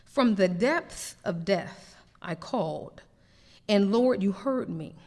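A woman preacher delivering a lively, emphatic sermon. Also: mid-range voice, takes it slowly, big-room sound. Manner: animated preaching with rising emphatic peaks.

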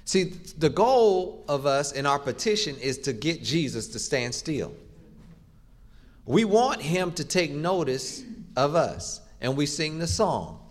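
A man's voice: on the high side, very animated, slow. A middle-aged man preaching a sermon, emphatic and rhythmic, leaning on repeated phrases and rising for stress.

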